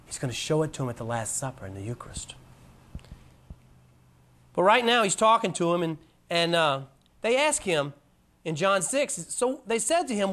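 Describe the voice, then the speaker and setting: In a folksy, casual presentation lecture, a man teaches a Bible lesson with plenty of animation. When quoting scripture, his voice becomes low and slow.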